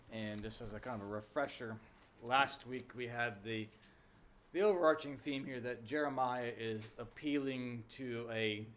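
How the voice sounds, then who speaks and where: A man preaching a conversational sermon as pastor, full of fillers and restarts, climbing high when he voices the Lord's complaints. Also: fairly bright tone, a little hiss or hum.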